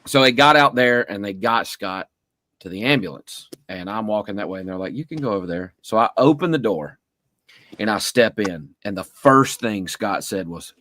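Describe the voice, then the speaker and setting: Low-voiced co-host, dry close sound. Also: male voice, animated, bright, forceful tone, no echo. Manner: fast, blunt, swears casually. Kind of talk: casual storytelling.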